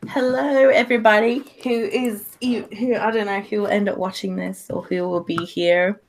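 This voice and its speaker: A young woman hosting a casual live stream while semi-sick, her voice hoarse, laughing often as she talks. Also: mid-range voice, fairly even intonation, moderate pace. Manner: giggly, laughs often between words. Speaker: streamer host.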